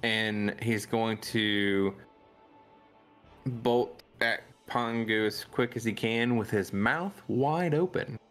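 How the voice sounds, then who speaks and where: A man's voice: lowish voice, takes it slowly, fairly bright tone, faint music behind. A man playing a tabletop game, describing his character's moves in a playful, joking way. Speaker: player. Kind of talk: casual tabletop play.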